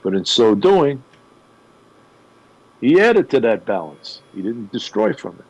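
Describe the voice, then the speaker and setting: A man, a guest on a radio show, retelling a story in an animated way with emphatic pauses. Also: mid-range voice, creaky, breathy edge, lo-fi sound. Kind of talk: conversational storytelling.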